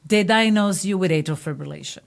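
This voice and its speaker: Low-voiced cardiologist host explaining clearly. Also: female voice, a little fast. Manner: explains clearly, steering the conversation. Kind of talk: interview with explanation for listeners.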